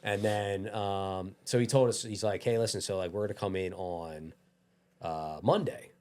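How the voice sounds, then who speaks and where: A young adult man, a gym owner, telling a lively story in casual chat, acting out quotes and laughing often. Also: fairly low pitch, moderate pace. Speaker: gym owner, podcast guest.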